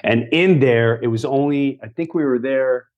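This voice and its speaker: A man's voice: mid-range voice, normal speed, muffled recording. A middle-aged man, a guest comedian, telling stories in casual chat, swearing and acting out voices of the people in them. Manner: animated, swears, acts out quoted voices.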